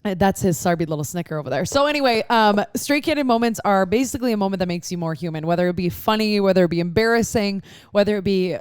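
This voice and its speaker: A woman's voice: mid-range voice, lively intonation, fast talker, few pauses, clear, resonant tone, dry recording, studio quality. Chatty woman podcast co-host. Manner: chatty, giggly, rambling. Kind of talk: casual chat.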